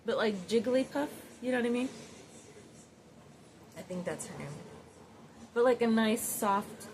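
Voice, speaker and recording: A woman's voice: a little high, expressive, unhurried, darkish tone. A woman vlogging from home in casual chat, gushing and rambling with lots of fillers and repeated words. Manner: gushing, admiring. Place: home, near closet. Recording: noisy background.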